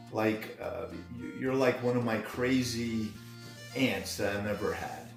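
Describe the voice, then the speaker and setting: A man leaving a playful birthday video message for an old family friend, chatty and teasing. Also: on the low side. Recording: roomy recording from a distance with music.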